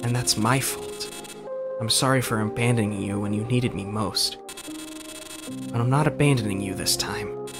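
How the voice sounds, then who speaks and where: A man playing a game and reading its dialogue aloud in a gentle, reassuring way. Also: lowish voice, normal speed, long pauses. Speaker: game streamer. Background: game music.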